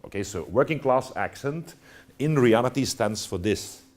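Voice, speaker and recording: A man's voice: medium pitch, animated, moderate pace. A man lecturing to students, talking with many fillers and restarts and checking in with "all right?". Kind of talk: university lecture.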